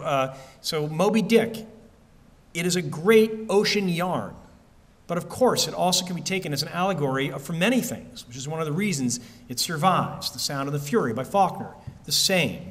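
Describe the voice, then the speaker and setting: A man with a slightly raised voice talks easily to a library audience about his novel. He circles back, restarts sentences and pads his answers with casual fillers, sounding unhurried and friendly. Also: fairly high pitch. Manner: relaxed, conversational, many fillers and restarts. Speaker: author answering audience questions. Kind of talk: bookstore-style author talk and Q&A. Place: library event hall.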